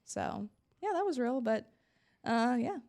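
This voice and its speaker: Animated young woman telling a story. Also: a little high, unhurried, gravelly. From Florida. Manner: animated, acts out quoted dialogue, laughs often. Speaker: podcast guest, reality TV contestant. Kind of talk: casual storytelling chat.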